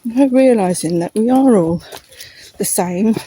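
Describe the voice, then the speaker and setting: A woman's voice: medium pitch, unhurried, mellow, breathy edge, rough recording. A woman from the UK, chatty and breaking into little laughs, talking to camera while walking outdoors in the countryside. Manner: chatty, frequent little laughs, talks to her dog. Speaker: vlogger. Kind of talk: rambling walk-and-talk monologue.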